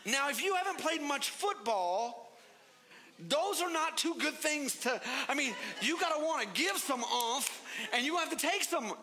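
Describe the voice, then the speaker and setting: A man preaching from the pulpit with a high, bright voice. He tells stories with playful energy and slips into the voices of the people in them, sometimes leaping up in pitch. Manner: animated, playful, acts out voices in his story. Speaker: pastor. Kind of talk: sermon with storytelling.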